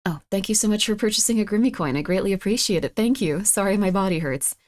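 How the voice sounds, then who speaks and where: An expressive, fast-talking woman streams live, rambling casually and meeting chat messages with sudden high squeals and wide pitch swings.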